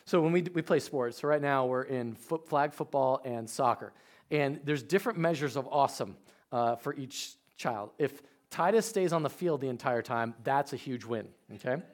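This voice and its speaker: A man, preaching a sermon with animated storytelling that swings from quiet to loud. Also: mid-range voice, moderate pace. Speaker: pastor.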